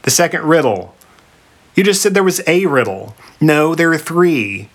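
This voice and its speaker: A man voicing a polite, hesitant young hero in a comic story, close to his own lower voice. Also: animated, measured pace. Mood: puzzled. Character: polite, mild-mannered young Greek hero Oedipus.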